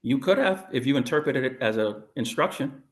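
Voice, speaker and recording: A man's voice: medium pitch, animated, fairly quick. A man, a police officer, answering deposition questions in a guarded, noncommittal way. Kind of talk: deposition testimony.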